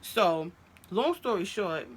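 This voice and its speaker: A woman telling a story about her ex in a storytime vlog, animated and profane, recorded on a phone. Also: mid-range voice, slow, slight background noise. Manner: animated, profane, recounts a fight with heated quoted outbursts. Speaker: vlogger telling a personal story.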